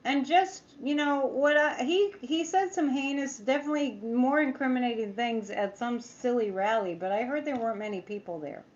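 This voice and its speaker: A woman's voice: high voice, moderate pace, few pauses, muffled recording. A woman psychic chatting casually on a livestream, rambling, reading viewer comments aloud and making sarcastic asides. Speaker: psychic tarot reader.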